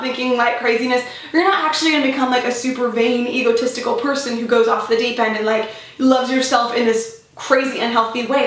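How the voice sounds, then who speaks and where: Young woman, high voice, upbeat motivational vlog, very echoey room, a bit off-mic. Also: recorded from a distance. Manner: upbeat, animated, says "freaking" and "you guys". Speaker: vlogger.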